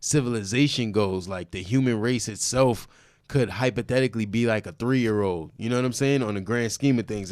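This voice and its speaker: A man's voice: fairly low pitch, a little fast, a little mellow, no room sound, studio quality. A man co-hosting a casual podcast chat, arguing insistently and animatedly in profane street slang. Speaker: podcast co-host.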